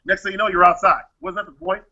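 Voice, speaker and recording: A man's voice: high voice, little pitch movement, quick pace, sharp tone. A man who founded a private security firm, answering interview questions in an emphatic way and acting out the exchanges he describes. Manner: emphatic, acts out quoted exchanges. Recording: dull lo-fi audio.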